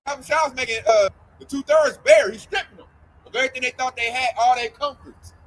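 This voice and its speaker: A man leading a casual religious group talk, animated and mocking as he acts out scared people. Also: very high-pitched, a little fast, slight background noise, rough recording.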